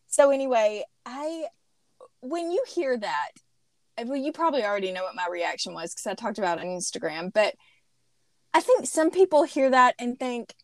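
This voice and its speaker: A woman hosting a casual chat, telling a story in an animated way and laughing often. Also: on the high side, moderate pace, dry recording, studio quality. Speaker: podcast host.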